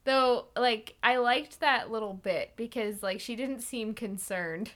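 A giggly young woman with a bright, fairly high voice, chatting as a podcast co-host. She talks eagerly about favorite movie moments and laughs easily between thoughts. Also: a little slow. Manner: giggly, enthusiastic, laughs often. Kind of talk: casual film chat.

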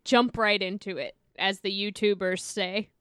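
Bubbly woman cracking jokes on a podcast, smooth clear voice, no room echo. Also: medium pitch, steady tone, a little slow, fairly bright tone, studio quality. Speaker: podcast co-host. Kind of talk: casual chat.

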